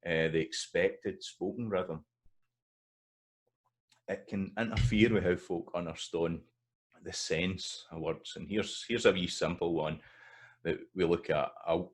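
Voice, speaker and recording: A Scottish man explaining pronunciation in a video lesson, pausing with fillers and repeating example words slowly. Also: sits low, fairly even intonation, slightly rough. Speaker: language teacher.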